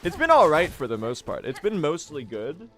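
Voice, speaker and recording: A man's voice: a little high, wildly swooping pitch, normal speed, fairly bright tone, soft background music. Rambling young male streamer. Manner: rambling, self-deprecating, laughs often. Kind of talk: casual chat while speedrunning a game.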